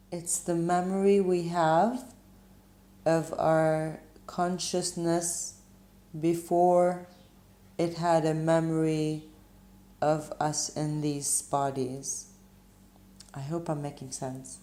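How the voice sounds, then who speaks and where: A woman speaks slowly in a low, mellow voice as she gives a spiritual tarot reading. She muses gently and stops often to search for words. The room around her adds a noticeable echo. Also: flat delivery. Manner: gentle, musing, pauses with ums. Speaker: tarot reader.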